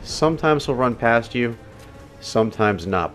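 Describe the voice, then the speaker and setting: Man, mid-pitch, relaxed walkthrough narration over faint game music. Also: normal speed. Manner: casual, instructive, talks the viewer through each step. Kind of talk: gameplay commentary voice-over.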